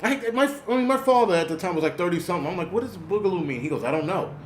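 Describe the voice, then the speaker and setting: A man's voice: on the high side, lively intonation, rapid-fire, a little hiss or hum. Profane rambling man in his forties. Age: 40s. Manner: profane, rambling, talks back to chat. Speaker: host. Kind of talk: casual livestream rant.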